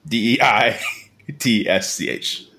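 A man's voice: on the low side, takes it slowly, sharp tone, slight background noise. A man co-hosting a comedy podcast, reading listener mail aloud and wandering off into rambling, giggly tangents. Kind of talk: casual comedic chat.

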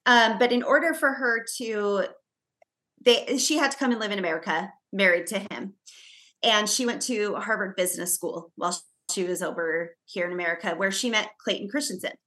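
A woman's voice: medium pitch, normal speed, a bit bright. A woman co-hosting a casual talk show, telling a long story with many fillers and restarts. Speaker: podcast co-host. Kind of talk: casual chat.

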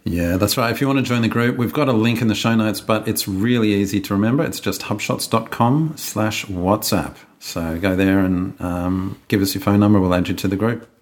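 A man co-hosting a podcast, chatting casually with a relaxed, talkative manner and frequent ums and restarts. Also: fairly low pitch, fairly quick, hardly any pauses. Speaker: podcast co-host.

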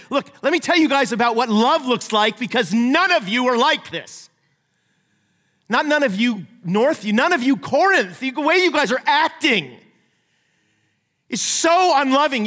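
A middle-aged man preaching a sermon as a pastor, lively and conversational, playfully acting out the voices he quotes. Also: very high voice. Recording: long reverb of a large hall.

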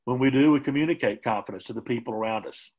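A man giving a conversational motivational training talk as a sales trainer, often softening his points with casual asides. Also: mid-range voice, fast talker, lo-fi sound. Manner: conversational, hedging with "kind of" and "you know".

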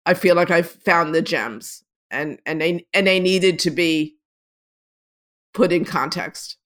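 A woman photographer in an interview, telling long rambling stories with many restarts and lively quotes of other people. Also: on the low side, takes it slowly. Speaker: photographer guest. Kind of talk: casual storytelling interview.

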